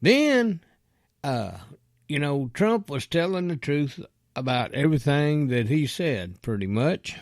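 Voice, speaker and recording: A man with a drawl, speaking from a fairly high register, rants bluntly and curses freely, as if talking straight to his target. The recording is close and dry, with no room sound. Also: lively intonation, slow, no echo. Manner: blunt and profane, addresses a politician directly. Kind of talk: angry political rant.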